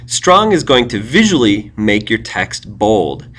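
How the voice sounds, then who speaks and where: A man's voice: fairly low pitch, big pitch swings, slow, a bit bright. A man giving a screencast tutorial on web pages, explaining step by step and thinking aloud as he types.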